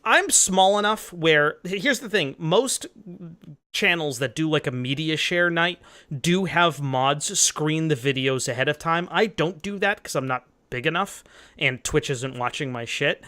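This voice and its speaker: Brief: young man, livestream host, loose profane rambling, slightly high voice. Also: clear, resonant tone, no echo. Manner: rambling, profane, loud reactions. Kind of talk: casual live stream chat.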